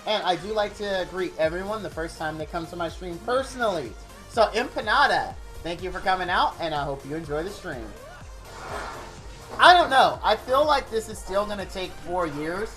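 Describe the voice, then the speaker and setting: Give your excitable streamer commentary to chat, with faint game music behind. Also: male voice, high voice, normal speed. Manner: excitable, rambling, thanks chatters by name. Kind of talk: live game stream, chatting with viewers.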